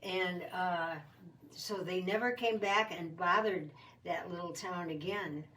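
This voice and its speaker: A woman's voice: on the low side, measured pace, fairly bright tone, distant mic, slight background noise, low-quality recording. Homey woman telling a Bible story. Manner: homey, rambling telling with fillers and self-corrections. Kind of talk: casual spoken Bible storytelling.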